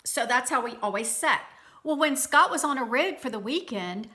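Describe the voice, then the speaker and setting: A woman with a bright, slightly high voice recounts a personal story for her viewers. She talks in a chatty, animated way, often restarting her sentences and speaking to the audience directly. The delivery sounds like a casual storytime video. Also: normal speed. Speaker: vlogger.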